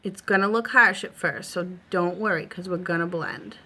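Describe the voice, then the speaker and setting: Her voice is lowish, pushed and bright, moving at a normal speed. In her thirties and speaking with a Boston accent, she walks the viewer through a casual at-home makeup tutorial, chatty and reassuring, with fillers scattered throughout.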